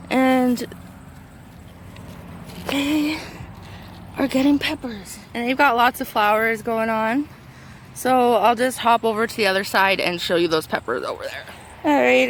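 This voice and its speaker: A fairly high-voiced woman walks through her vegetable garden and chats excitedly about what is growing, now and then speaking straight to her plants. Her voice turns squeaky at times. She was recorded outdoors on a handheld camera, with faint outdoor noise behind her. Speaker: gardening vlogger. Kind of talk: casual garden tour.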